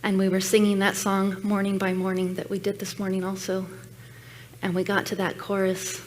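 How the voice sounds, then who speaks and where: A woman's voice: mid-range voice, monotone, moderate pace, a little hiss or hum. A woman giving a personal sermon message at a church, telling her story in an earnest, reflective way. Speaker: guest speaker at church. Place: church sanctuary.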